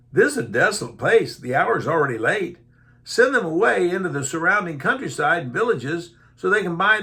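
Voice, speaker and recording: A man preaching a Bible teaching sermon, reading verses aloud and then retelling them in folksy everyday speech, acting out the disciples' voices. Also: on the high side. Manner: animated, acts out the disciples' voices.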